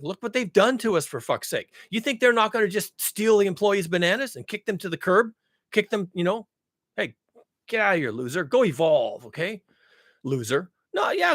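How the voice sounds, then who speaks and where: A man's voice: high-pitched, big pitch swings, fast talker, fairly bright tone, no room sound, studio quality. A man delivering a blunt, profane ranting monologue, hammering his points with repetition. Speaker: vlogger.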